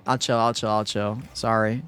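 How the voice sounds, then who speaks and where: A young man with a lowish, clear, resonant voice commentates his live gameplay at a normal speed over soft background music. He talks casually with chat and a teammate, moving from calm muttering to frustrated outbursts.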